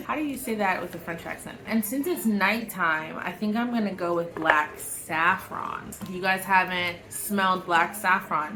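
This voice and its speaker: A young woman chatting casually to camera in a vlog, loud and playful with quick asides. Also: lowish voice. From United States. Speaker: travel vlogger.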